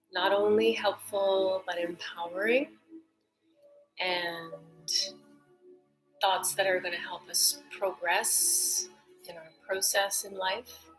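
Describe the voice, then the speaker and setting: A woman leading a guided breathing meditation, soft-spoken and calm, often drifting into whispers, then gently teaching. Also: medium pitch, low-quality recording.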